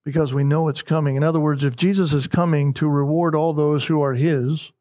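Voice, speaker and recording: A man's voice: on the high side, fairly even intonation, a little fast, warm tone, lo-fi sound. A man preaching a verse-by-verse sermon, emphatic and repeating his key lines. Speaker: pastor.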